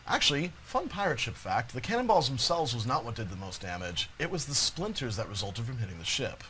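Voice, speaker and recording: A man hosts a live game stream, walking viewers through features in a chatty, explanatory way. His voice sits in an ordinary middle pitch. Faint noise hums behind him. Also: sing-song, a little fast, pushed and bright. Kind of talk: live gameplay demonstration.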